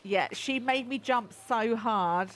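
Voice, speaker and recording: A woman's voice: a little high, slow pace, fairly bright tone. A woman hosting a gaming channel, chatting and giggling to herself as she plays. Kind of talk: game playthrough commentary.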